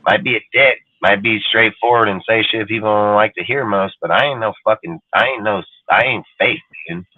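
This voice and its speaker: A man's voice: fairly low pitch, a little fast, dry recording. Man, blunt profane rant, casual talk, tinny phone-line sound. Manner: blunt, heavy swearing, repeats "dude" and "like". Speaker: podcast co-host.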